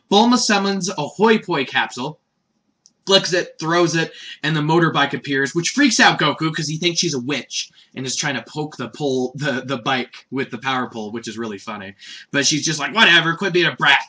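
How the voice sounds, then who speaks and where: Chatty, bright-voiced male anime reviewer. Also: medium pitch. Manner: rambling, chatty, laughs often. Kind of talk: casual episode recap.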